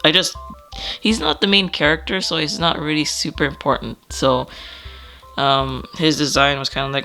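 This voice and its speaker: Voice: mid-range voice, steady tone, moderate pace, pushed and bright, faint music behind. An artist casually flipping through a sketchbook, rambling, swearing, laughing often and trailing off, with a slightly stuffy nose.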